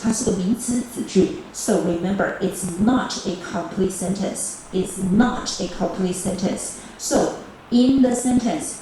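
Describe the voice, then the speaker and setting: A woman teaching a bilingual grammar lesson to high school students, repeating key phrases and calling on teams. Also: warm tone, distant mic. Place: large echoey classroom. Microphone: camera recording the class. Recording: echoey classroom video with background noise.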